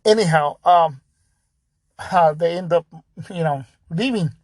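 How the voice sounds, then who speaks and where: A man with a notably high voice hosts his own podcast and tells a story in a relaxed, chatty way. His speech is loose, full of "dude" and "like", with laughs breaking in often. The sound is dry and close, with no room echo. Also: unhurried. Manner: laid-back, peppered with "dude" and "like", laughs often. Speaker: podcast host. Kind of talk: casual storytelling.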